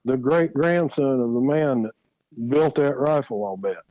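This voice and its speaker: A man's voice: mid-range voice, expressive, a little slow, no echo, dull audio, natural voice. A man doing a knowing southern rifle collector. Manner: matter-of-fact, gently correcting.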